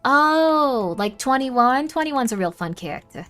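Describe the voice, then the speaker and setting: A woman's voice: high voice, expressive, measured pace, a bit bright, soft background music. A young woman streaming a game, chatting casually with her viewers and muttering to herself as she plays. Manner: chatty, reacting aloud to chat and muttering to herself. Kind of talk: casual livestream chat while gaming.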